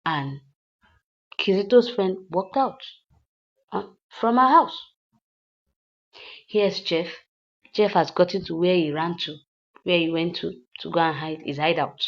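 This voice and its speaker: A woman's voice: fairly low pitch, measured pace, long pauses, highs cut off. A woman, chatting through a film recap and adding moral asides. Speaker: movie reviewer. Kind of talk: casual film recap and commentary.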